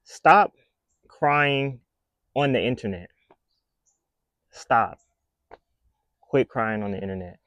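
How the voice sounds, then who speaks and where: A man's voice: lowish voice, slow pace, long pauses, no room sound. A man talking to camera in a casual commentary rant, blunt, emphatic and scolding. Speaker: vlogger.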